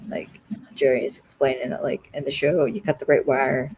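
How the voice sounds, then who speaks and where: A podcast co-host casually recapping a TV episode, rambling and filling every pause with "like.". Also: mid-range voice, flat delivery, a little mellow, slight background noise, poor audio. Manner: rambling, constantly says "like".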